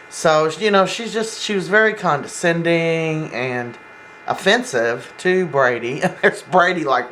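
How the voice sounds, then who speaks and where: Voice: medium pitch, a little slow, fairly bright tone, a little hiss or hum, rough recording. A soap opera fan giving a casual, rambling episode recap, full of fillers and restarts. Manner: rambling, acts out quoted lines, many fillers.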